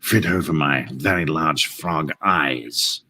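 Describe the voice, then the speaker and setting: A man voicing a snooty, fancy frog gentleman with a put-on French accent, haughty and drawling. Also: rumbling low, takes it slowly, far from the mic, noisy background, pitched below the performer's own voice.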